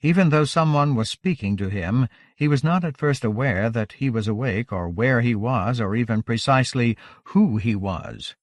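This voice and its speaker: A man narrating a novel aloud in a measured, steady audiobook reading. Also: mid-range voice, no room sound, clean studio sound. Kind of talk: scripted narration.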